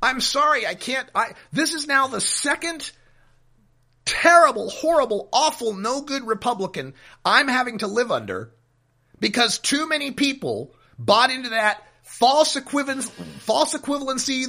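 A man's voice: very high-pitched, very animated, moderate pace, bright, forceful tone. A man hosting a political podcast, ranting in an exasperated, pleading way with some swearing. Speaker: podcast host. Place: home studio with mic software.

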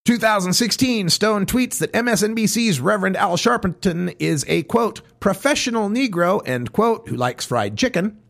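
A man with a fairly high voice that swoops up and down as he reads. He delivers pointed commentary at a measured pace, setting off each quote with pauses. His tone has a gravelly edge. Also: lively intonation, a bit bright. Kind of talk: reading a list of quotes, commentary.

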